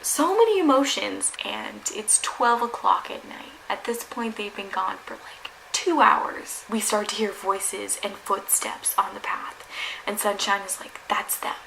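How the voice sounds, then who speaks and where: A woman's voice: mid-range voice, measured pace, vocal fry, a little hiss or hum, poor audio. A young woman vlogger dramatically retelling a story, peppered with "like". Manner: animated, dramatic retelling with frequent "like". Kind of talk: storytime narration.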